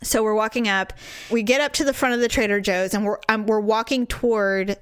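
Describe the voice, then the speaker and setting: A woman co-hosting a podcast, telling a story in a casual, animated and indignant way. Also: medium pitch, brisk, clear, resonant tone, dry recording, studio quality. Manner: animated, indignant venting with vivid retelling. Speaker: podcast co-host.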